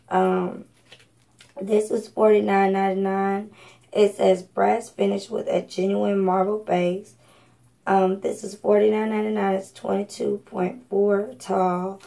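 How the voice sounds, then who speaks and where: Her voice is medium-pitched, creaky and warm, though the recording is rough. She's a woman from Georgia casually talking through a thrift haul at home at night, stumbling over ums and fixing her own words while allergies make her cough.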